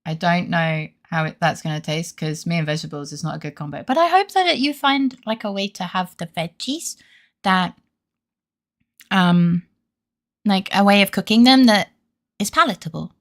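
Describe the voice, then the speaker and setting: A woman's voice: lowish voice, animated, normal speed. A woman streamer in casual live-stream chat, giggly and chatty and swearing freely.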